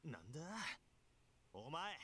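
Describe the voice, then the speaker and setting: A gruff, husky street thug. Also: male voice, medium pitch, very animated, moderate pace, sharp tone, heavily acted. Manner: gruff, coarse street talk. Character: rough young male street thug. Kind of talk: game voice acting.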